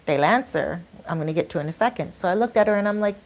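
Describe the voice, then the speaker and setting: A woman's voice: lowish voice, quick pace, hardly any pauses. Chatty woman vlogger telling a story. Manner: animated, acts out both sides of dialogue; chatty, laughs often. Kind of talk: casual storytelling.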